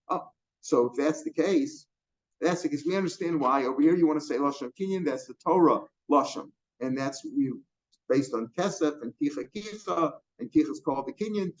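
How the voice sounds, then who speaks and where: Male Talmud teacher, fairly high voice, explains with repetition, muffled lo-fi sound. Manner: explains by repeating and rephrasing, Hebrew and Aramaic terms. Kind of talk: line-by-line Talmud lesson. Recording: dull lo-fi recording.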